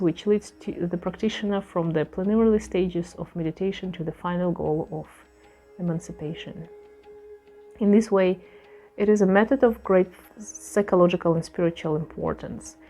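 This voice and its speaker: Reading passages from a sacred text before paraphrasing them casually, a female yoga instructor speaks with frequent pauses and filler words. She has a lowish, dark voice.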